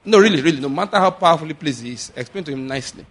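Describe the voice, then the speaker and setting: A man preaching a sermon, animated, acting out little dialogues and slowing to a measured chant on scripture. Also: a little high. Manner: animated, acts out little dialogues and laughs often. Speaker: pastor.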